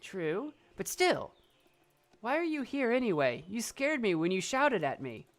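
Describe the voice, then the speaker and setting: A woman's voice: a little high, sing-song, unhurried, soft background music, pitched above the performer's own voice. Earnest young stepdaughter from a visual novel, plain curious voice, read by a woman.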